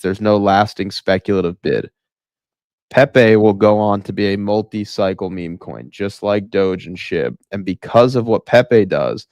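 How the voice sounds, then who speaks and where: A man's voice: on the low side, clear, resonant tone, no echo, clean studio sound. A man co-hosting a casual crypto market stream, talking emphatically in slangy chat and calling the others bro. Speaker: crypto market show co-host.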